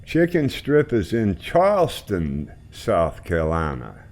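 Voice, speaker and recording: A man with an extremely deep voice hosts a casual live stream. He chats loosely while reading out chat messages and juggling several tasks at once. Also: huge pitch swings, takes it slowly, a little mellow. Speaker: stream host flying a helicopter simulator.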